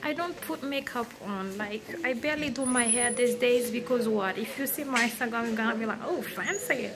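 A woman's voice: a little high, a little fast, crowd noise. A young woman vlogging casually from a hospital on her phone, playful and rambling. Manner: playful, rambling, switches between languages. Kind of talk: casual vlog narration.

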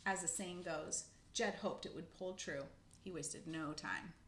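A woman's voice: on the low side, a little slow, fairly bright tone, echoey room, a little hiss or hum. A woman reading a children's book aloud, casual, with spoken asides and self-corrections. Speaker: narrator.

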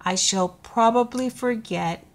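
A woman's voice: fairly high pitch, takes it slowly, slight background noise. A woman voicing a forgetful little male spider who frets about his lost shoes, reading a storybook aloud. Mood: fretful. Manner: worried, fussing.

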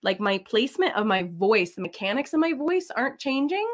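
An American woman in her thirties chats casually while stitching, her talk rambling and loose. She drifts from point to point with plenty of "like" and "um", slipping into quick giggles along the way. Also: on the high side, big pitch swings. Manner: rambling and giggly, full of "like" and "um", often trails into quick laughs. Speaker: cross-stitch designer and channel host.

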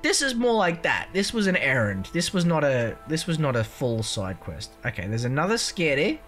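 A man's voice: on the high side, very animated, normal speed, a bit bright, soft background music. Rambling, swearing man playing a game. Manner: rambling, profane and joking. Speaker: gaming channel host. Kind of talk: casual let's-play commentary.

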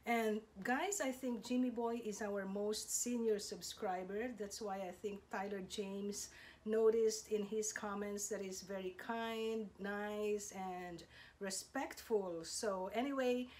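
Slow, gushing woman hosting. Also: medium pitch, darkish tone, a little hiss or hum. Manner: gushing, slow, lots of thanks. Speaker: channel host. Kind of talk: casual video presentation.

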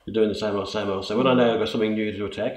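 Eager Australian man, low voice. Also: fairly even intonation, racing. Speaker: guest, co-founder of a coaching business. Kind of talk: casual podcast interview. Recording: echoey room.

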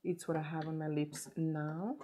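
A woman beauty vlogger chatting casually as she unboxes gifts, gushing and repeating words in her excitement. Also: sits low, normal speed.

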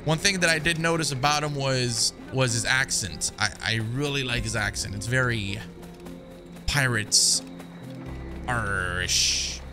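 A man's voice: mid-range voice, normal speed, hardly any pauses, music in the background. A man giving casual, chatty commentary over a game, often repeating his words as he goes. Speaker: gaming commentator. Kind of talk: casual let's-play commentary.

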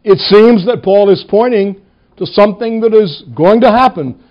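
A man, a pastor, preaching a sermon in a church, stressing single words and slowing down on key lines. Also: high voice, dull audio.

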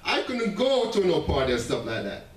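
A man preaching a sermon as pastor, animated, with laughing asides and stammering restarts. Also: high-pitched, moderate pace. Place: church sanctuary. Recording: echoey church room heard from a distance.

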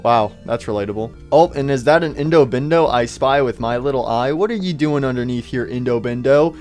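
A man's voice: medium pitch, a little mellow, faint music behind. Playful young man narrating his gameplay. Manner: playful, teasing the characters, quick jumpy asides. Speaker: gaming YouTuber. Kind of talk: casual let's-play commentary.

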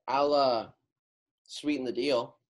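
A man's voice: mid-range voice, fairly even intonation, slow pace, close to an everyday voice. A teen boy playing a stammering shy suitor. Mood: nervous. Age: teens. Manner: stammering, hesitant. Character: shy young man, Ferdinand, playing frog. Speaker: student actor.

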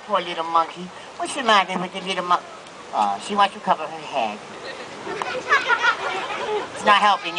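Sarcastic street performer man, lively pitch. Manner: sarcastic, self-mocking crowd banter. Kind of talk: outdoor street show comedy patter. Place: outdoor street festival crowd. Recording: noisy outdoor crowd recording. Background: crowd and children.

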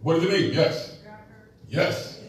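This middle-aged male pastor preaches slowly in an animated voice on the high side. He calls out to the congregation for responses and makes playful asides, while the distant mic catches plenty of room echo.

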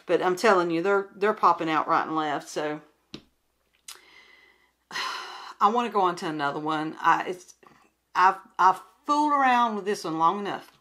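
A woman's voice: on the low side, expressive, moderate pace, pauses often, pushed and bright. A woman chatting casually and rambling at home as she shows her craft projects, with many restarts and fillers. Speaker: craft vlogger. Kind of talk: casual chat while showing crafts.

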